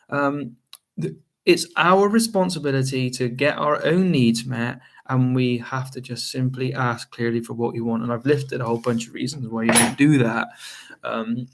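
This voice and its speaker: A male marriage coach talking straight to the viewer, loose and conversational. He sits in a middling pitch and fills his thoughts with ums and you-knows as he goes. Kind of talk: direct-to-camera advice talk.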